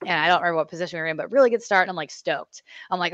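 A young woman, a motorcycle racer, telling race stories in a chatty, animated way on a podcast. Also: lowish voice, rapid-fire, no room sound, highs cut off. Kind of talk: casual storytelling interview.

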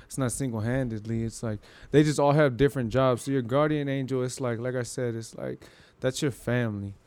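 A man recounts a strange sighting in loose, slang-heavy talk, padded with fillers and restarts. His voice sits at an ordinary pitch. The delivery is unpolished and conversational. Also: steady tone, a little fast, darkish tone, clean tone. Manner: slangy, rambling with many fillers. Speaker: guest telling ghost stories. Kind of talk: casual storytelling.

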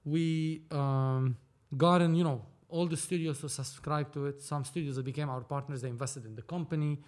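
A man's voice: fairly high pitch, fairly even intonation, normal speed, darkish tone. A man from Lebanon, a film producer, telling a story in a casual interview, acting out dialogue and swearing freely.

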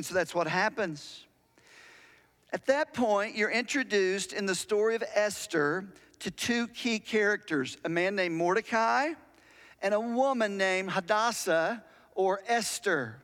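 Male pastor, high voice, chatty storytelling sermon, long hall reverb. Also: unhurried, a bit bright. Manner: conversational storytelling preacher, asks the audience questions.

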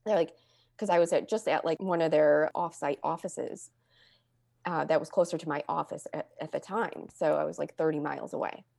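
Young woman, lowish voice, dry close sound, chatty storyteller with deadpan humor. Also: normal speed, vocal fry, no echo. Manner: deadpan humor, acts out quotes with lively pitch jumps. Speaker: guest telling her story. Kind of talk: casual conversational storytelling.

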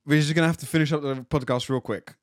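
A man's voice: a little high, steady tone, fast, no echo, clean studio sound. A young British man co-hosting a podcast, chatting casually, teasing and laughing a lot. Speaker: podcast co-host. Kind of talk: casual chat.

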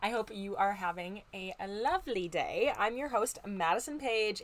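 A woman with a light Midwestern American accent hosts her own small-business podcast. She talks in a bubbly, chatty way and speaks to listeners like a best friend over coffee. Her voice sits at an ordinary middle pitch. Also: lively intonation, moderate pace. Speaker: podcast host, business growth coach. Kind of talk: upbeat solo podcast chat.

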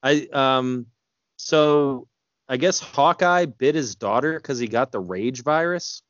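A man's voice: mid-range voice, takes it slowly, no room sound, lo-fi sound. Crude, rambling man on a podcast. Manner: crude jokes, rambling storytelling. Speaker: podcast co-host. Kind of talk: casual movie chat.

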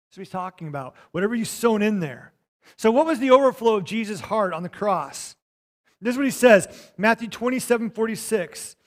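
A man preaching a sermon, emphatic and repetitive, dropping to a softer tone for quoted scripture. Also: high-pitched, lively intonation, fairly quick. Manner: emphatic, repeats phrases, drops to soft tones for quotes. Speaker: pastor.

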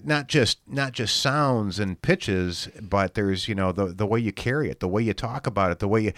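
A man's voice: on the low side, moderate pace, a bit bright. A man with a Michigan accent co-hosting a casual podcast chat, often stumbling over and repeating his words. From Michigan, USA. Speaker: podcast co-host.

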